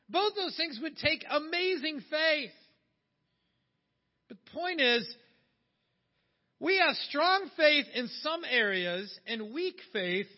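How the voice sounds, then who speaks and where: A man preaching a sermon in a conversational way, putting questions to his listeners. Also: very high-pitched. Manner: conversational, asks the audience questions. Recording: dull sound with long hall reverb.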